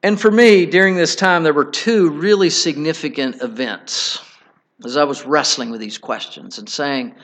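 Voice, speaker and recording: Man, middle-aged, sermon, earnest, halting restarts, somewhat high voice. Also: fairly bright tone. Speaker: preacher. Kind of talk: sermon storytelling.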